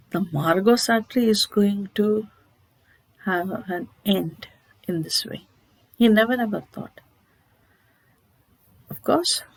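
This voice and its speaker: Slow, gravelly woman teacher. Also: mid-range voice, no echo, rough recording. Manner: explanatory, asks rhetorical questions, checks with "okay?". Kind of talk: literature lesson retelling a story.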